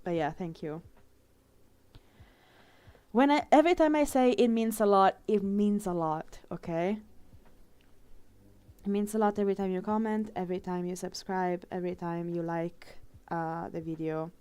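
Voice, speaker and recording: A young adult woman livestreaming her drawing, talking in a heartfelt, emotional way with many pauses and fillers. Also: fairly low pitch, warm tone, clear, resonant tone. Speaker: art streamer. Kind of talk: casual live-stream chat while drawing.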